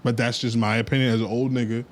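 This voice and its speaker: A man's voice: medium pitch, flat delivery, quick pace, a little hiss or hum. Laid-back male podcast host telling a story. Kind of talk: casual chat.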